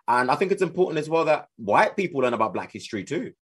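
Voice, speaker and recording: A young British man, a TV and radio host, chatting as guest co-host in an upbeat, expressive way. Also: on the high side, fast, breathy edge. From United Kingdom. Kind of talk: casual chat.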